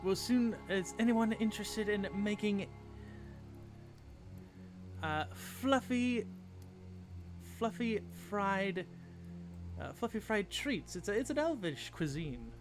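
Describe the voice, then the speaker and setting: A man's voice: high-pitched, lively intonation, takes it slowly, long pauses, music in the background, voice pushed up. A man voicing a concerned, polite woman caretaker who talks hesitantly, in a tabletop game. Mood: cheerful. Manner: hesitant, restarting, mild.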